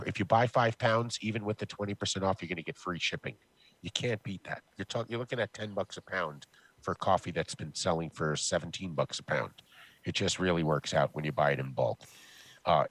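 A man's voice: low-pitched, fairly quick, fairly bright tone, no echo, low-quality recording. A man on a casual podcast, chatting and reading a sponsor plug in an easygoing, salesy way. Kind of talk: casual chat and ad read.

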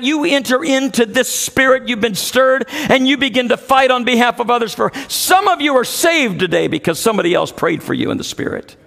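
Man, pastor, high voice, earnest sermon, rising intensity. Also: a bit bright, big-room sound.

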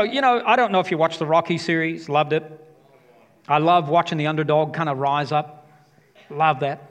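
A man's voice: fairly high pitch, fairly bright tone. A man preaching a sermon as pastor, talking passionately and emphatically and repeating his key phrases. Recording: long hall reverb.

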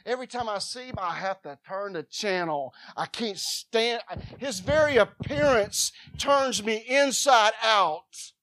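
A woman preaching a sermon with fervor, swinging between loud shouts and quiet asides. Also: a little high, expressive, a little slow, dry recording.

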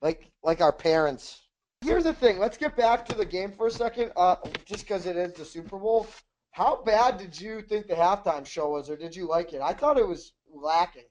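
A man's voice: high voice, normal speed, a little mellow, muffled recording. A man co-hosting a podcast in casual chat, telling rambling, profane stories. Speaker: podcast co-host.

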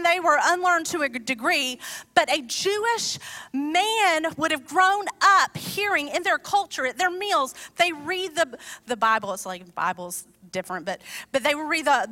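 Delivering a sermon in a high, bright voice, a woman preaches conversationally and tells the story with lively asides. Her voice carries a long hall reverb.

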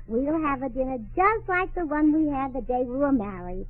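Scatterbrained wife, high, lively, bubbly nonsense logic. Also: female voice, moderate pace, no room sound. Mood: sweet. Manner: bubbly, illogical, sing-song. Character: scatterbrained young wife, cheerful and literal. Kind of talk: 1940s radio sitcom acting. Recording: tinny old radio broadcast.

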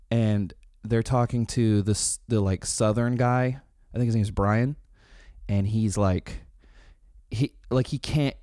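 A man in his thirties chatting casually, telling animated stories full of swearing, laughs and quoted impressions. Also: lowish voice, no room sound, studio quality. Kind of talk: casual chat.

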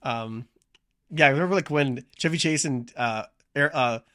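A man in casual movie chat, halting and full of restarts, laughing often. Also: medium pitch, pushed and bright.

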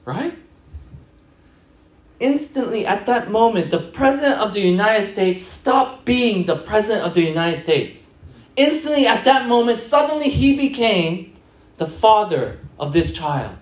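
This middle-aged male pastor has a high-placed voice and speaks at a normal speed, his sermon ringing through an echoey space. He tells animated stories and performs the quoted words of the people in them.

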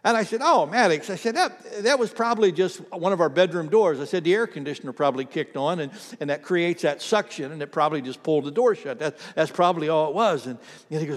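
An older man preaching a sermon in church, telling a family story with halting restarts before building to emphatic calls. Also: high voice. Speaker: pastor. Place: church sanctuary. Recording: long reverb of a church hall.

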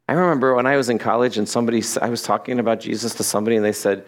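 Man, pastor, middle-aged, casual conversational sermon, animated asides, medium pitch. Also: very fast, hardly any pauses. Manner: conversational, animated, laughs at his own asides. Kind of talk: expository sermon. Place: church sanctuary.

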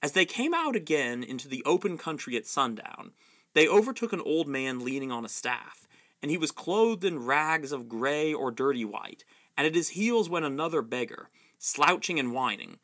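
A man reading a novel aloud in a steady storytelling manner, with the odd slip and correction. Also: on the high side, normal speed. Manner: steady storytelling with small slips. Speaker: reader.

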